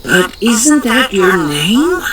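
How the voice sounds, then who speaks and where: A man voicing an eager young woman newspaper reporter who talks in an earnest, excitable and easily outraged way. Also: sits high, takes it slowly, pitched above the performer's own voice, full character voice, low-quality recording.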